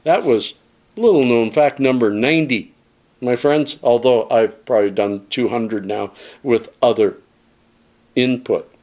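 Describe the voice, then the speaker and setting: A man talks unhurriedly to his camera in a casual opinion monologue. His pitch sits in a middle range, and he comes across as folksy and musing, calling his viewers his friends. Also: a little slow, darkish tone. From Canada. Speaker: vlogger.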